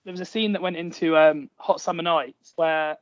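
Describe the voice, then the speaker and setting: This actor, a guest in a casual interview, chats and tells stories packed with "like" fillers. His voice is a little high, fairly even in intonation, and at normal speed. He speaks through headphones, and the recording sounds dull and lo-fi without echo.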